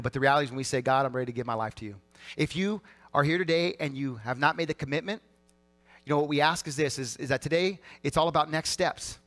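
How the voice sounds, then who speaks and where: A man preaching a sermon as pastor of a church service, emphatic and swinging between loud and hushed. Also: fairly high pitch.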